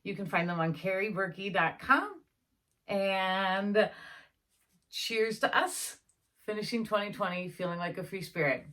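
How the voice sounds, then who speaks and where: A woman life coach leading a guided imagery meditation, soothing and encouraging, bursting into excited affirmations. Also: mid-range voice, a little slow.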